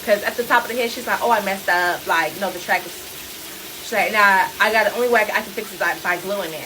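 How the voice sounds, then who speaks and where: A woman's voice: mid-range voice, fast. A woman telling a story in casual chat, swearing and acting out what people said. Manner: animated, swearing, acts out quotes. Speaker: salon customer telling a story. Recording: noisy background with frying sounds.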